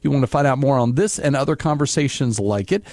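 A man's voice: medium pitch, fast, darkish tone, no room sound, clean studio sound. A male radio host reading a show promo in an upbeat way. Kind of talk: scripted show announcement. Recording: faint music underneath.

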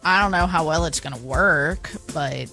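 A woman hosting a radio morning show. She reads news and scripture in an even, measured way and chats easily with her co-host. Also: low-pitched, vocal fry, faint music behind. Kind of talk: news reading and casual on-air chat.

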